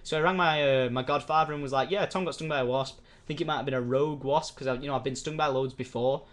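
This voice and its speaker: A man's voice: mid-range voice, fairly even intonation, quick pace. A young man telling a story in a casual vlog, rambling and swearing, acting out the voices of the people he quotes. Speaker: YouTuber.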